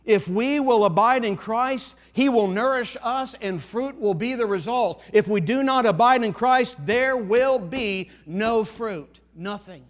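A man preaching a sermon, earnest and emphatic, repeating phrases for effect and dropping to a hush to drive points home. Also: extremely high pitch, measured pace, hardly any pauses. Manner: earnest, rises to emphatic pleading then drops to hushed.

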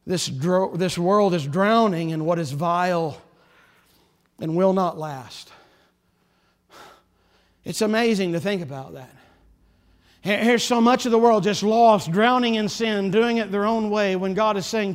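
A man preaching a sermon, his voice pitched high for a man and rising with passion before falling to near-whispers. He sounds like a pastor in a church, with a long reverb trailing each phrase. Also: a little slow, long pauses. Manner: passionate preaching, swelling loud then dropping soft.

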